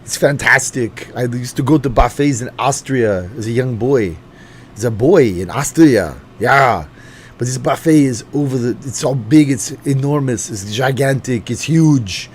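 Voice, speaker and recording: A man putting on a loud, exaggerated impression of a boastful bodybuilder action star, stretching his words. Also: medium pitch, unhurried, a little hiss or hum, lightly acted.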